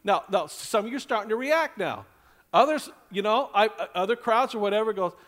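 A male pastor preaching a sermon in a conversational style, with lively asides and acted-out quotes. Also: high voice, brisk.

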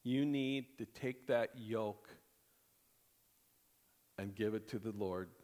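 A male pastor preaching a sermon, animated and conversational, jumping between loud exclamations and hushed, intimate passages, often laughing through his lines. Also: on the low side, slow pace. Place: church sanctuary. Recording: long hall reverb.

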